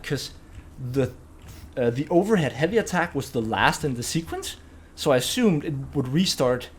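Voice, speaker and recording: A man giving casual gameplay commentary as a channel host, thinking aloud, getting excited and swearing now and then. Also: medium pitch, moderate pace, a little hiss or hum.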